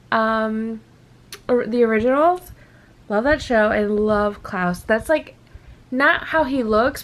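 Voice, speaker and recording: Tired, chatty young-sounding woman vlogging. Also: a little high. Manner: chatty and gushing, with fillers and quick whispered asides. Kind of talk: casual vlog chat to camera.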